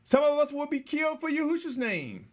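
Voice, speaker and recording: A man delivering a slow, measured, exhorting sermon, repeatedly addressing his listeners as brothers and sisters. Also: very high-pitched, very animated. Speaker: preacher.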